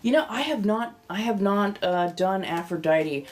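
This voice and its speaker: A woman's voice: mid-range voice, lively intonation, unhurried, a little mellow. A woman with a Californian accent chatting casually on a livestream, rambling from one thought to the next and welcoming viewers as they come in. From California, United States. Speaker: livestream host.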